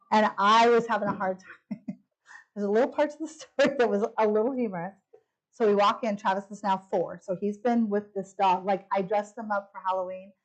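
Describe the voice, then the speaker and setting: A middle-aged woman giving a personal testimony at a church women's retreat, animatedly acting out the quoted lines. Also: dull audio. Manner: animated, acts out quoted lines with big pitch jumps.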